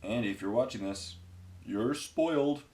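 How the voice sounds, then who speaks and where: A man's voice: mid-range voice, moderate pace, darkish tone. A man hosting a hobby painting video, chatting casually and rambling with many fillers while he paints miniatures.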